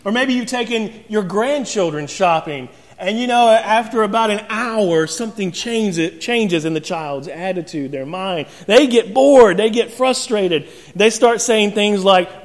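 A man's voice: high-pitched, animated, unhurried. A man preaching a sermon in a church, telling stories with humorous asides. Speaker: pastor. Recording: long reverb in a large hall.

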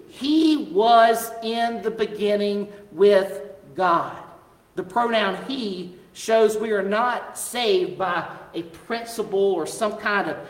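Unhurried preacher, deliberate and emphatic, voice ringing in a reverberant hall. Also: mid-range voice, fairly bright tone. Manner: emphatic, repeats key phrases for stress. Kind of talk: sermon. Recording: echoey hall with long reverb.

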